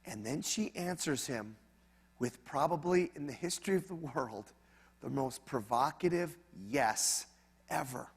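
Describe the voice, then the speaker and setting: Animated male pastor in a reverberant hall. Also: fairly high pitch, a little slow, slightly rough. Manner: conversational, animated preaching with asides. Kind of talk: sermon.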